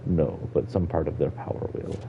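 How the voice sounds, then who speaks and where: A man voicing a sad old Argonian woman elder in a put-on Jamaican-style accent, speaking slowly and quietly over dull lo-fi stream audio. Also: very deep voice, expressive, gravelly, a little hiss or hum, heavily acted. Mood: solemn.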